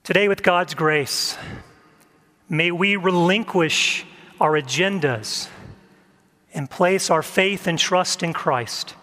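Slow, high-voiced male preacher in church. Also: big-room sound. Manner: gentle, measured, reflective. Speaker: pastor. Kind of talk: sermon.

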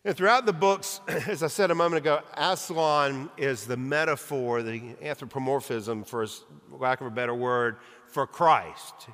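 A man's voice: mid-range voice, normal speed, hardly any pauses, fairly bright tone. A male pastor preaching an earnest sermon with rhythmic, emphatic lists. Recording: long reverb of a large hall.

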